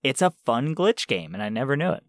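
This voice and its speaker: Podcast dude rambling excitedly, lots of likes and ums, dry close mic. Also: male voice, medium pitch, fairly quick, no echo. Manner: rambling, enthusiastic, lots of fillers. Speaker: podcast host. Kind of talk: casual chat.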